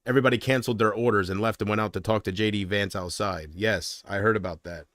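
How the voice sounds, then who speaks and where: A man's voice: lowish voice, fairly even intonation, fast, fairly bright tone, no room sound, clean studio sound. A man hosting his own livestream, rambling casually and joking, often laughing at his own jokes. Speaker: livestream host.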